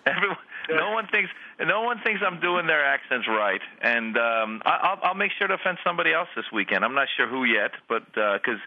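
Halting man on a dry phone line. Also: a little high, sing-song, no room sound. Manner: halting, with many restarts and self-mocking jokes. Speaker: comedian and panelist. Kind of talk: casual radio interview chat.

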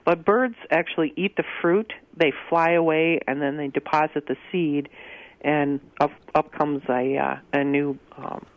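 A man's voice: on the high side, steady tone, measured pace, no room sound. Guy answering garden calls on the radio, hesitant, lots of ums, dead dry sound. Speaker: gardening expert on call-in radio. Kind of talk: call-in radio advice. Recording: muffled radio broadcast audio.

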